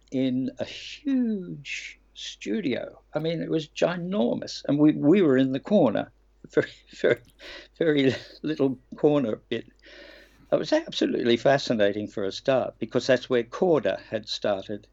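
An older man from Australia tells stories with lively energy and acts out what others said. His voice has a gravelly edge. The sound is dull and lo-fi, like a remote link. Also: mid-range voice. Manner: lively storyteller, laughs and acts out quotes. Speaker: guest voice actor. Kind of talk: anecdotal interview chat.

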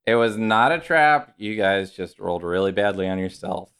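A man narrating a tabletop role-playing game as game master, in a measured, descriptive way with some fillers. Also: on the low side, animated, a bit bright, smooth.

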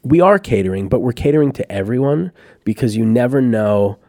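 A man's voice: mid-range voice, animated, a little fast, mellow, dry recording, clean studio sound. A man, a company founder and podcast guest, telling rambling, profane anecdotes in casual chat.

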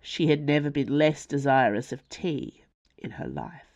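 A woman narrating her own novel in a wry, expressive storytelling manner. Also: low voice, unhurried, no room sound, muffled recording. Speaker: author and narrator. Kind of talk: audiobook narration.

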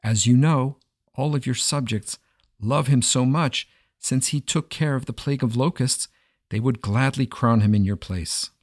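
A man's voice: mid-range voice, unhurried, no echo, clean studio sound. A man voicing a scheming male prime minister who pleads and stammers when caught.

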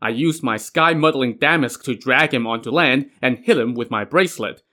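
A man's voice: medium pitch, normal speed, pushed and bright, natural voice. A man voicing a cocky, superhuman seven-year-old boy in a told myth, recounting his deeds in a breezy, boastful way. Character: young superhuman boy, cocky and matter-of-fact.

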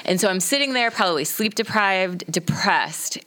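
A woman's voice: mid-range voice, animated, moderate pace, sharp tone. Woman telling a raw personal story. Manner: candid storytelling, tearful and frank. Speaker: podcast guest. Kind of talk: casual podcast chat.

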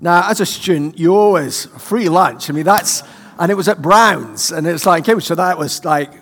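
A man's voice: on the high side, moderate pace, big-room sound. A British man preaching a sermon, telling a personal story with humour. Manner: humorous, animated storyteller. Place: church.

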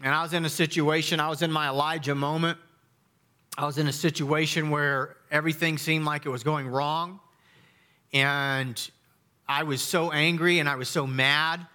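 A middle-aged man preaching a sermon as a pastor, emphatic, with dramatic pauses and sudden quiet drops. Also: on the high side, fairly even intonation, clean tone.

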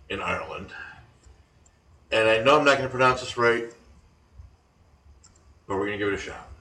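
A podcast co-host with a medium-pitched, sharp-toned voice retells folklore in a rambling, joking way, full of fillers, during a casual chat. The recording is roomy, with a distant mic and faint ambience.

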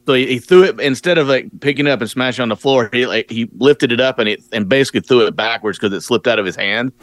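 A male podcast co-host shares his reactions in a loose, rambling way, leaning on fillers as he goes. His voice sits at an ordinary pitch, recorded close and dry. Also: fast, fairly bright tone, no echo. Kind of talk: casual chat.

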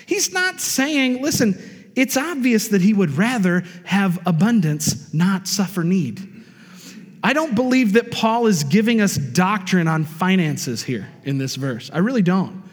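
A man preaching in a church sanctuary, his voice high and carrying, pressing his points with rising emphasis and frequent calls of amen. The sound hangs in the long reverb of a large hall. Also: big pitch swings, unhurried, slightly rough. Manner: emphatic preacher with call-and-response asides. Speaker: pastor. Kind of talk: sermon.

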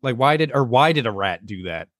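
A man hosting a podcast on a video call, his voice rising and falling in a lively way as he jokes and asks question after question. The sound is dry and close, with no room around it. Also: medium pitch, fairly quick, no echo. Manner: joking, laughs often, asks lots of questions. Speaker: podcast host. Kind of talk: casual chat.

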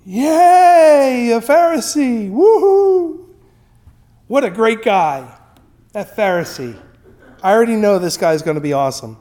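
A man's voice: high voice, takes it slowly. A man voicing a rowdy crowd of onlookers who cheer and jeer in an exaggerated, mocking way.

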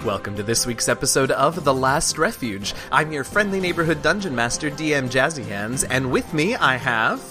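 A man hosts a tabletop game as its dungeon master. His pitch swings about with a lively, playful lilt, and he keeps a wry, self-mocking humor throughout. Music plays clearly behind him. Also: normal speed, hardly any pauses. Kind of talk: running a tabletop game podcast. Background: background music.

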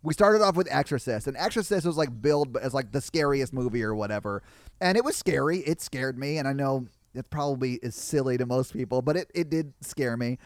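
A young man chatting casually as a podcast guest, telling animated stories and laughing often. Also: mid-range voice, brisk, no room sound, studio quality. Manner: animated storyteller, laughs often, yells in punchlines. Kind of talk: casual chat.

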